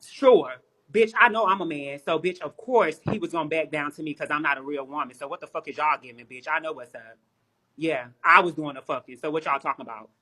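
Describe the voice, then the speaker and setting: A man's voice: a little high, brisk, bright, forceful tone. A man on a live stream talking casually, brash and profane, often repeating words as he starts sentences.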